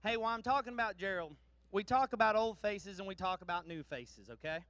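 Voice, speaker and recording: Bright, clear-voiced energetic man. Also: high voice, a little fast, no echo. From Missouri, USA. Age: 30s. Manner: folksy, joking, energetic. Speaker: guest speaker presenting awards. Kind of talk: casual speech to an audience.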